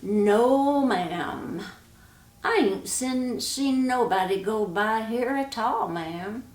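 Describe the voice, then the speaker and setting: A woman voicing a tired old horse with a sore back in a storybook tale, with a quiet, homespun drawl. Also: a little high, expressive, very slow, far from the mic. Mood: polite. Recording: roomy echo.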